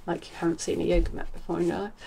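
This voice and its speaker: A woman's voice: on the low side, level tone, racing, creaky, warm tone, slightly rough. A woman hosting a crafting podcast from home, chatting casually and rambling, with many ums and self-corrections. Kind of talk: casual chat.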